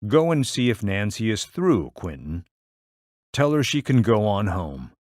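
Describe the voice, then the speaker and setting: A composed, dryly sarcastic father in a storybook reading, voiced by the male narrator. The voice sits low and moves unhurried. The room sound is dry. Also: very animated, a little mellow, no room sound. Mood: calm. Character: calm, dry-witted middle-aged father.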